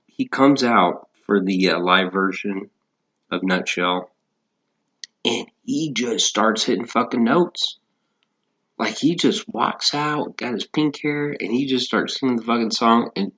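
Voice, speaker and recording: A man's voice: lowish voice, fairly bright tone, dull audio. A man in a casual, profane, rambling rant about music, talking as a podcast host.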